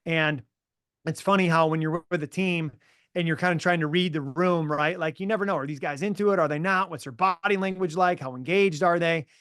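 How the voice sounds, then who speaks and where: A man's voice: fairly high pitch, a little fast, fairly bright tone, no room sound, studio quality. A middle-aged man who works as a mental performance coach, telling stories in a casual interview with emphatic, motivational energy.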